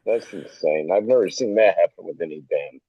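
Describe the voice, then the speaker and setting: A man's voice: sits low, brisk, husky, dry recording, muffled recording. A man hosting a podcast in casual chat, giving short laid-back reactions and swapping his own story.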